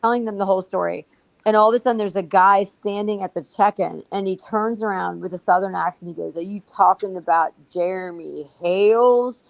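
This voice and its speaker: A woman's voice: mid-range voice, fairly even intonation, quick pace, creaky, dry recording, low-quality recording. A woman telling her story bluntly and profanely in a casual livestream talk. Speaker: guest.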